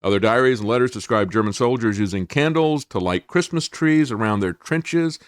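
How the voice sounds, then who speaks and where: A man hosting a talk show tells a history story in a loose, unhurried monologue. His voice sits at a middle pitch and the sound is dry and close, with no room around it. He leans on fillers and reads old letters aloud. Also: clean tone, no room sound. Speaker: show host. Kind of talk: casual monologue retelling history.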